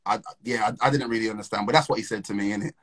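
A man's voice: fairly low pitch, rapid-fire, a bit bright, rough recording. A young man, telling a story in casual, slang-filled chat and laughing between phrases. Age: young adult.

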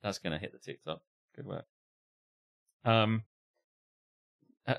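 A man's voice: mid-range voice, measured pace, pauses often. A man co-hosting a comedy podcast, reading out a post and riffing on it with laughter and swearing. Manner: animated, laughing, swearing, mock voices. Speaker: podcast co-host. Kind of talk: comedic reading of online posts.

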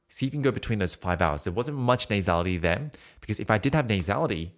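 A man's voice: fairly low pitch, animated, fast. Male singing teacher, faint music behind. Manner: demonstrates sung and nasal vowel sounds between explanations; encouraging, direct instructions to the listener. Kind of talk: podcast voice lesson.

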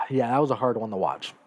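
Against some background noise and dull audio, a fast-talking man with a mid-range voice hosts his own solo podcast. His opinionated commentary is emphatic and gets heated, peppered with frequent "right?" and "okay?" check-ins.

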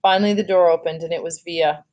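A woman teacher reads a novel aloud to her young class in a calm, plain way. Her voice sits a little low, and she stops now and then for short asides. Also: quick pace.

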